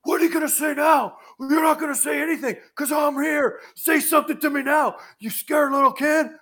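A man acting out an enraged grown bullpen catcher who shouts down a heckler. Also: extremely high pitch, steady tone, fairly quick, vocal fry, voice pushed up, heavily acted. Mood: furious shouting. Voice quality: yelling, confrontational.

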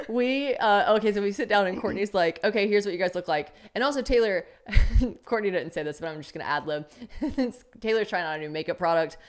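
A woman's voice: mid-range voice, lively intonation, normal speed. A woman in her thirties hosting a comedy podcast, talking in a brash, joking, profane way. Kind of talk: casual podcast chat.

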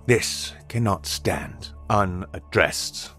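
A man voicing an ancient male god who passes judgment in slow, grand, booming pronouncements. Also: a bit bright, faint music behind, heavily acted. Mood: imperious.

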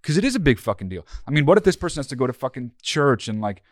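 A man's voice: mid-range voice, very animated, very fast, no room sound, studio quality. A man co-hosting a podcast, giving blunt, profane advice in a casual chat. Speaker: podcast co-host.

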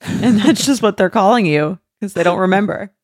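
A woman co-hosting a casual talk show, easygoing and quick to agree. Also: mid-range voice, lively intonation, darkish tone, no echo, studio quality. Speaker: podcast co-host. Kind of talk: casual chat.

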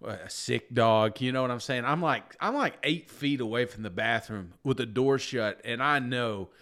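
At medium pitch and a moderate pace, this man's fairly bright voice carries a long, meandering story told against himself. He's co-hosting a podcast after a sleepless night, chatting casually and leaning on "you know what I'm saying."

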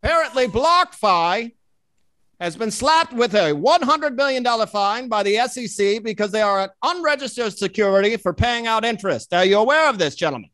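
A man's voice: high-pitched, animated, brisk, pushed and bright, no echo. A man putting on an old-timey 1920s voice, full of vintage slang, on a finance talk show. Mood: mock newsreader. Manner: jaunty vintage slang delivery.

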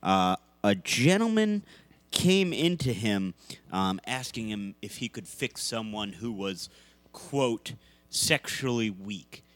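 A man riffs on a point, leaning on his words with playful emphasis. His pitch moves a lot. The recording is dry and close. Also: animated, takes it slowly, fairly bright tone, no room sound. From New York. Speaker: podcast co-host. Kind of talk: casual chat.

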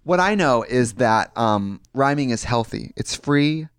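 A man's voice: mid-range voice, lively intonation, unhurried, clean tone, no room sound. A man co-hosting a podcast, explaining things in a wry, playful casual chat. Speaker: podcast co-host.

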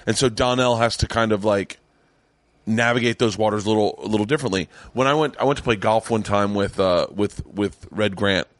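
A man's voice: on the low side, a little fast, no room sound. Rambling earnest male podcast host. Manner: rambling, many restarts, earnest. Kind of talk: casual chat. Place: home studio.

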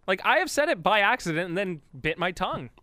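High, bouncy-voiced radio co-host man. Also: very animated, fast talker, bright, forceful tone, no echo, studio quality. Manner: chatty, laughing asides. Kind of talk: casual talk radio banter.

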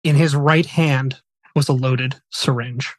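Mężczyzna, poważnie opowiadający historię, suchy dźwięk. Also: male voice, medium pitch, fairly even intonation, slow, no room sound. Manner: earnest, somber retelling with quoted dialogue. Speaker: podcast host. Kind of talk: storytelling podcast narration.

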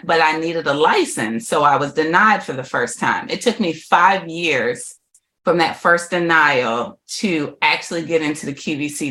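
Speaking in a low, bright voice with a forceful edge, this middle-aged woman is a guest on a podcast. She tells her life story animatedly, laughs a lot, and acts out quoted voices.

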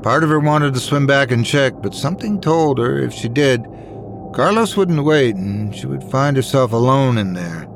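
A man reading scary stories as a dramatic, expressive narrator. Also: mid-range voice, moderate pace, gravelly, over music. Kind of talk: scripted horror story narration.

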